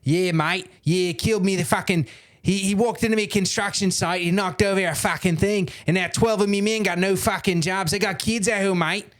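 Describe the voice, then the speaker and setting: A man voicing an angry, rough male construction worker with a put-on Australian accent, cursing through a profane rant. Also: high-pitched, steady tone, normal speed, fairly bright tone, pitched above the performer's own voice. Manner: profane ranting.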